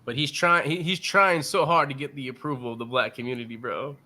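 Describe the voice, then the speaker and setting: A man's voice: medium pitch, steady tone, a little fast, bright, forceful tone. A young man co-hosting a podcast, chatting casually in political banter, laid-back and laughing along, full of "bro" and "like". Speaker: podcast co-host.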